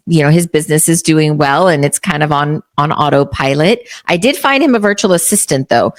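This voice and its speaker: A woman in her fifties from Texas, hosting a podcast interview in a chatty way and telling family anecdotes. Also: low voice. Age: 50s. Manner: chatty, tells anecdotes acting out quotes. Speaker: podcast host. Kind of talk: casual interview chat.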